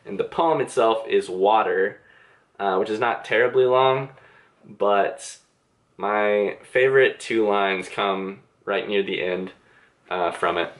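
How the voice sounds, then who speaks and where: A man's voice: fairly low pitch, slow. A young man casually answering viewer questions in a vlog from his bedroom, chatty and self-deprecating, with many filler words. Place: bedroom with reading chair.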